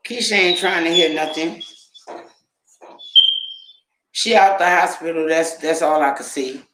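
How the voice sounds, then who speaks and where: High bright-voiced man in an echoey room. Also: normal speed, heavy background noise. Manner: loose, profane, repeats himself while telling stories. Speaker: vlogger. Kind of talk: casual storytelling to camera.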